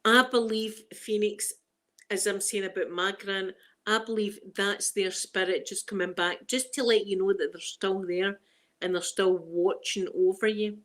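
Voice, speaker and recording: Her mid-range voice is a bit bright and steady in tone, and she talks a little slowly. The speaker, a middle-aged Scottish woman with a Glaswegian accent, hosts an ASMR livestream where she chats casually with viewers, laughs frequently, and uses strong Scots phrasing.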